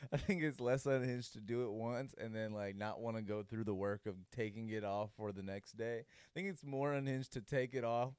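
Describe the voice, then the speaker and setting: Brief: male co-host, smooth mid voice, jokey, laughs a lot. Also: medium pitch, steady tone, normal speed, darkish tone, dry recording. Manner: laughing, joking reactions. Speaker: podcast co-host. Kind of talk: casual chat.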